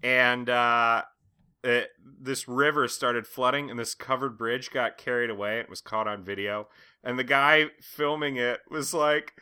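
Slow-talking man with a smooth voice. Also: mid-range voice, fairly even intonation, bright, forceful tone. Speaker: podcast co-host. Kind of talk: casual podcast chat.

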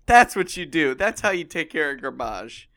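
A young man co-hosting a podcast, excitable and quick to jump in with jokes in casual chat. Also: on the high side. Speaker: podcast co-host.

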